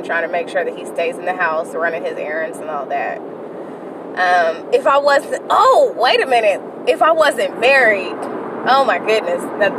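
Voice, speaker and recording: Profane Bay woman venting from her car. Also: medium pitch. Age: early 30s. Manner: candid, profane, rambling with sudden outbursts. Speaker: podcast host. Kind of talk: casual solo podcast venting. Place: inside a car on the freeway. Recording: distant mic with car road noise.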